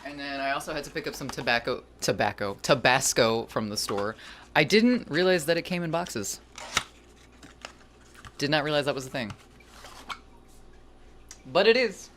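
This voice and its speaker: Chatty, lively-voiced cooking streamer. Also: mid-range voice, normal speed, pauses often, noisy background. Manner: rambling, chatty, talks to chat while cooking; self-deprecating humor. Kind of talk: casual cooking stream chat.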